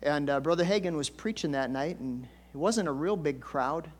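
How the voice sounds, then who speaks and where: A man's voice: a little high, normal speed. An older man, a pastor, preaching a conversational storytelling sermon with folksy asides and emphatic swells.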